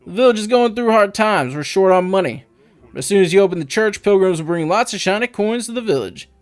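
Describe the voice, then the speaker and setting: A man's voice: sits high, animated, clean tone, no echo, soft background music, pitched above the performer's own voice. A man doing a folksy country-voiced village head. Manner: slow country drawl, chatty and evasive.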